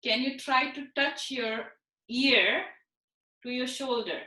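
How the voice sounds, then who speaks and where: Bright, slow-spoken woman teaching kids' yoga. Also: high voice, far from the mic. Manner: patient, encouraging, slow and clear. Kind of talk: online class instruction for children. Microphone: video call. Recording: echoey room on a video call.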